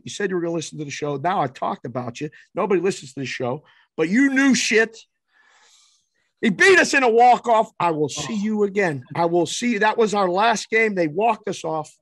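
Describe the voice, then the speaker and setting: A middle-aged man with a high voice hosts a podcast, telling a story in a casual, animated way with plenty of swearing. He sounds close and dry on the mic, and he pokes fun at himself. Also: no room sound. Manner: animated, profane, self-deprecating. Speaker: podcast host.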